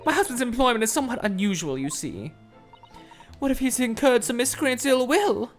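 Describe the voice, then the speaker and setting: With faint music behind her, a woman reads game lines in an expressive, higher-than-average voice at a moderate pace, close to how she normally talks. Her character is a prim, anxious genteel Victorian wife of middle age, delivered fretfully and too formally in a faux accent blending Southern belle and British.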